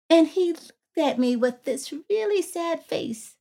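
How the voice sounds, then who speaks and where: A middle-aged woman, a psychology professor appearing as a podcast guest, tells a personal story earnestly and reflectively, raising her voice to act out the dialogue. Her pitch is extremely high, her delivery animated and unhurried, with a dark tone and vocal fry.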